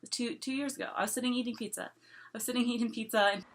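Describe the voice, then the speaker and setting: A woman's voice: fairly high pitch, steady tone, fast talker. A woman vlogger talking casually to camera, rambling and repeating herself, with lots of "like" and small laughs between thoughts.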